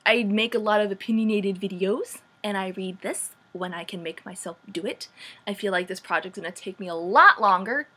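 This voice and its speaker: A young woman recapping a book in a casual vlog, sarcastic and animated, saying "like" a lot. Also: medium pitch, normal speed, husky. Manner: sarcastic, says "like" often, animated. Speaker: vlogger.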